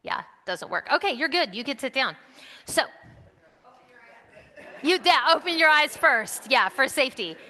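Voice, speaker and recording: A woman with a bright, fairly high voice leads a children's message in a church sanctuary. She coaxes and encourages the young volunteers with a steady stream of questions. Her voice rings out with the long reverb of a large hall. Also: measured pace, long pauses. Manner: encouraging, coaxing, asking children many questions. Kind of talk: interactive children's message during a church service.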